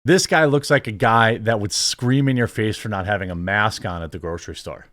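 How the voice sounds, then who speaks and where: A man's voice: on the low side, a little fast, a bit bright, dry recording, studio quality. Sarcastic man ranting over clips. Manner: sarcastic, rambling with restarts. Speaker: commentary host. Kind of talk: reaction commentary.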